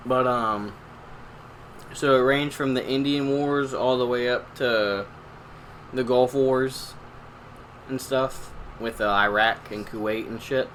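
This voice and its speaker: A man's voice: mid-range voice, steady tone, takes it slowly, pauses often, fairly bright tone, slight background noise. A young man co-hosting a casual podcast, joking crudely and swearing freely as he tells stories. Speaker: podcast co-host.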